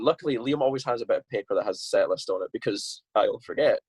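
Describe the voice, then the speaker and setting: A man's voice: medium pitch, animated, quick pace, few pauses, a little mellow, breathy edge, no echo. A Scottish man telling a rambling, sweary tour story as a podcast guest, with lots of restarts. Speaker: guest musician.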